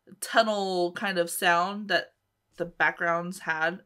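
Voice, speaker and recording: A woman hosting a reaction video, excitable and rambling, often exclaiming and laughing. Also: lowish voice, takes it slowly. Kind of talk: casual reaction commentary.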